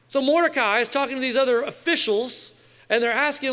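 Very high-voiced man preaching in a hall. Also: expressive, moderate pace, sharp tone. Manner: casual, joking preaching with slang asides. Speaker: pastor. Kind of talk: sermon. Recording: long hall reverb.

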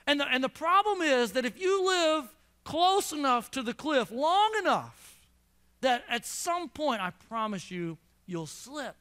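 A man's voice: extremely high pitch, big pitch swings, bright, forceful tone. A male pastor preaching a sermon to a congregation, emphatic and repetitive, drawing out words to make his point. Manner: emphatic, repeats phrases, slows down for emphasis. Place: church before a congregation.

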